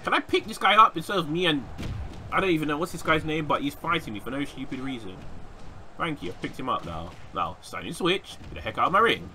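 A young man giving casual, excitable gameplay commentary, often shouting at opponents. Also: on the high side, quick pace, a little hiss or hum. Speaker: gaming YouTuber.

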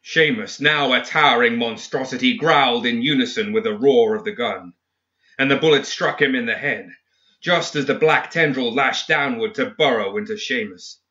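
Male story reader, steady dramatic delivery, bright tone, mid pitch. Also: normal speed. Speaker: audiobook reader. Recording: dull lo-fi recording.

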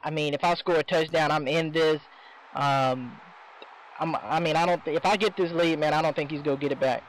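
A man commentating his own video game match, swearing often and swinging between excitement and exasperation. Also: a little high, brisk, low-quality recording. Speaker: gameplay commentator.

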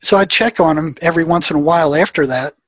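Husky-voiced man telling a story. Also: fairly high pitch, quick pace, dry recording. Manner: plain-spoken, acts out quoted dialogue. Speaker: guest, former prison therapist. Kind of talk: anecdotal storytelling in conversation.

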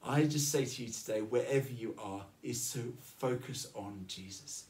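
A man's voice: medium pitch, normal speed, a little mellow. A man preaching a sermon, telling a personal story and earnestly encouraging his listeners. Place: church.

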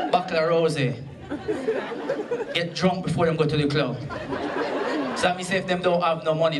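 High-voiced Jamaican man doing stand-up. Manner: loud, punchy patter with audience banter. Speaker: stand-up comedian. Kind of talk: stand-up comedy set. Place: comedy club stage. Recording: amateur live recording from far off, crowd noise.

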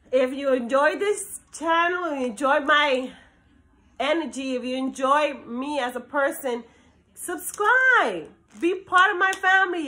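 Chatty Brooklyn woman, bright and high. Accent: New York. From Brooklyn, New York. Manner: chatty, animated, talks fast and drifts between topics. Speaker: vlogger. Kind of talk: casual chat to camera.

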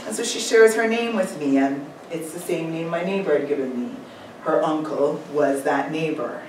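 A woman's voice: sits low, moderate pace, a little mellow. Jamaican woman, panel speaker, reflective, heard from far off in a very echoey room with faint hiss. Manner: reflective, asks for slide changes. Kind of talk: academic talk presenting slides. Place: lecture room at a symposium.

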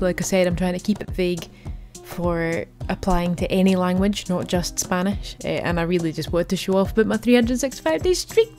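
A young Scottish woman with a lowish, slightly mellow voice chats to the camera in a playful vlog, laughing at herself as she goes. Faint music plays in the background.

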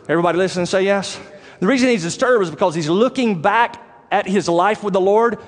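High-voiced pastor preaching in a church. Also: male voice. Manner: animated, conversational preaching with direct questions to the congregation. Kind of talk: sermon. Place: church sanctuary. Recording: long church reverb.

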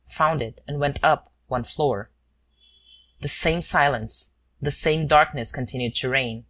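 A woman with a low-pitched voice narrates an audiobook from a script. Her storytelling is measured and steady.

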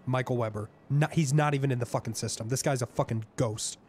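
A man's voice: mid-range voice, fast, darkish tone, a little hiss or hum. A man roleplaying a crook in a game, talking in a profane, rambling, conspiratorial way. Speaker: roleplay streamer playing a crook.

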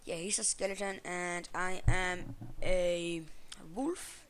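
A woman giving casual gameplay commentary for her channel, excitable and swearing, yelling to a teammate. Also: on the low side, takes it slowly, clear, resonant tone. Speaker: gaming channel host.

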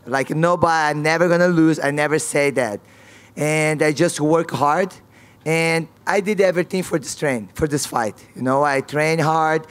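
A woman's voice: deep voice, moderate pace. A woman fighter at a press conference, speaking frank, non-native English with broken grammar and repeated key words.

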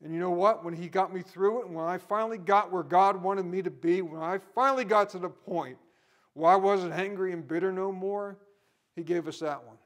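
A middle-aged man preaching a sermon with passion, his voice building to near-shouting peaks. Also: high voice, a little fast.

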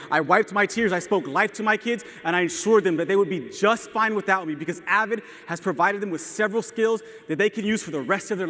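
A man's voice: on the high side, a bit bright. Young man telling a story in a reverberant hall. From El Paso, Texas. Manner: earnest, emotional, with self-deprecating humor. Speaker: teacher giving a keynote speech. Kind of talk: personal storytelling speech. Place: large hall with audience.

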